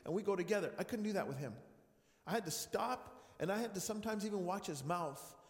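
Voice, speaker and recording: Animated man preaching in echoey hall. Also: sits high, fairly quick. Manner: animated, acts out dialogue, swings loud and soft. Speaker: pastor. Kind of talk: storytelling sermon. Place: church hall. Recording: echoey room with long reverb.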